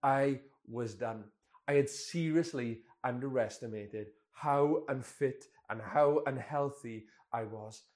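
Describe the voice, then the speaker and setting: A man's voice: mid-range voice, slow pace, darkish tone. A man in his twenties, a pastor telling a candid, self-deprecating personal story in a sermon. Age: 20s.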